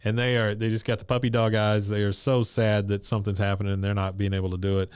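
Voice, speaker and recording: A man's voice: on the low side, level tone, fast, darkish tone, clear, resonant tone, dry recording, clean studio sound. A man co-hosting a podcast, casually retelling a cartoon episode scene by scene. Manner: retells scenes, quoting characters' lines. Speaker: podcast co-host recapping an episode. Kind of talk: casual episode recap chat.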